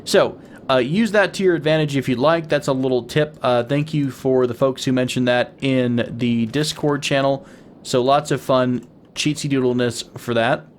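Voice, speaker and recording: A man's voice: mid-range voice, normal speed, a little hiss or hum. A young man giving playful, casual commentary on his game as the host of his gaming channel, laughing often with wheezing giggles.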